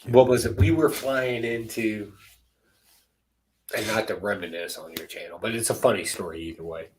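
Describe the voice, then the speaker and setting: A man's voice: lowish voice, normal speed, a little mellow, slight background noise, low-quality recording. A middle-aged man chatting casually on a panel, a rambling, jokey storyteller. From United States. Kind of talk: casual chat.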